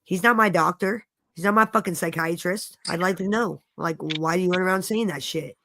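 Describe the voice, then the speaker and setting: A woman's voice: lowish voice, a little fast, background noise. A woman on a live-stream talk panel, brash and profane, taunting the others.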